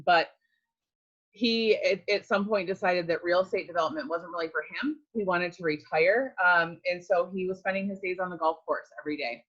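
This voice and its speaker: A woman giving a personal testimonial in an earnest way, often pausing with fillers. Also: fairly low pitch, a bit bright, muffled recording. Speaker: network marketing distributor.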